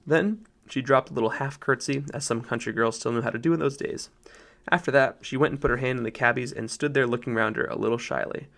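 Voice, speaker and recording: Gravelly male audiobook narrator. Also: medium pitch, a bit bright. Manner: measured storytelling read. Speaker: audiobook reader.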